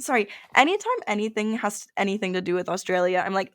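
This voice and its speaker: A woman's voice: a little high, expressive, fairly quick. Young woman host for a chatty solo podcast, rambling and self-interrupting, with light keyboard typing in the background. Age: young adult. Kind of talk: casual solo podcast, googling and reacting.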